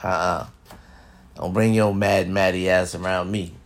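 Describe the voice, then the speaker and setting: A man's voice: sits low, steady tone, a little slow. A man giving advice in a comedic rant, repeating himself, preaching and swearing heavily. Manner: repetitive, preachy and heavy with cursing. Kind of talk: profane comedic rant to camera.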